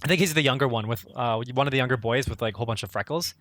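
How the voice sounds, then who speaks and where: Casting note: Canadian male co-host, easy chat, bright tone, dry close sound. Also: mid-range voice, racing, no echo. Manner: relaxed, rising ends of sentences. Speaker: podcast co-host. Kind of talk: casual chat.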